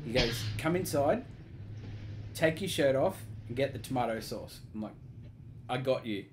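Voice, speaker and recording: An Australian man chatting as a co-host, spinning loud, profane stories with plenty of energy. His voice sits at a middle pitch over a faint background hiss. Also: normal speed. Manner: swears freely, tells animated stories. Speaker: podcast co-host. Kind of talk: casual chat.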